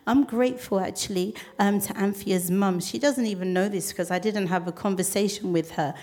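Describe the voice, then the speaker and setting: Brief: a woman preaching, chatty and animated, slips into voices when she quotes people. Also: mid-range voice, moderate pace. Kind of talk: sermon.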